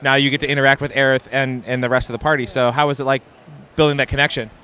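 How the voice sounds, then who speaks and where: A man's voice: medium pitch, flat delivery, rapid-fire, pushed and bright. A man interviewing a guest at a convention, asking eager, fan-style questions.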